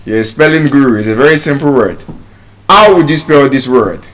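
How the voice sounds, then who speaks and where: A man with a Nigerian English accent giving a live pronunciation lesson to an audience, repeating each word slowly to drill it. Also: medium pitch, expressive, fairly bright tone. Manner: deliberate, drills words by repeating them slowly. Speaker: pronunciation teacher. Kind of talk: live public speaking lesson.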